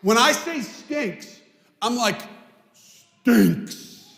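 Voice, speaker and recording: A man's voice: sits high, expressive, a little slow, a bit bright. A man telling a story at a children's family service, playful and chatty, talking with the audience. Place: synagogue sanctuary. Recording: echoey hall.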